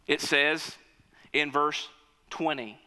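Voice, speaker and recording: A man preaches with a high, forceful, cutting voice, pressing each point as he tells a story. His words carry a long reverb, as if spoken in a large hall. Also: fairly even intonation, slow pace. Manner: emphatic, storytelling, calls on the congregation. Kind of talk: sermon.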